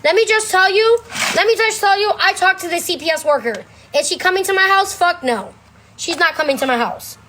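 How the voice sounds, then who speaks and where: A woman's voice: very high-pitched, background noise. A woman livestreaming a defensive, profane rant at her commenters, firing rhetorical questions and barking commands at her dog.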